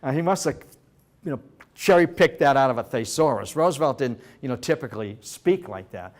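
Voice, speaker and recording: Animated male history lecturer, joking asides. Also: medium pitch, moderate pace. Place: senior center hall.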